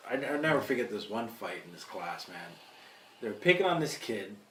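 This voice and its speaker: A man's voice: fairly low pitch, big pitch swings, fairly quick, fairly bright tone. A man on a comedy podcast chatting in a laid-back way, swearing freely. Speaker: podcast co-host. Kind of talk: casual podcast chat. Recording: echoey room, distant mic, faint hiss.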